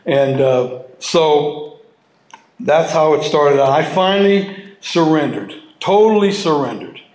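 A man sharing his personal story with an audience at a recovery meeting, halting and heartfelt, restarting and repeating his words as he goes. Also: a little high, lively intonation, a little mellow. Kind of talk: personal testimony to a live audience. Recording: roomy hall sound.

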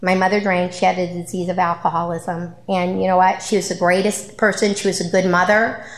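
A woman's voice: lowish voice, level tone, a little fast, echoey room. A middle-aged woman giving a personal recovery share at a support group meeting, candid and conversational, with frequent ums and repeated phrases. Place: meeting room.

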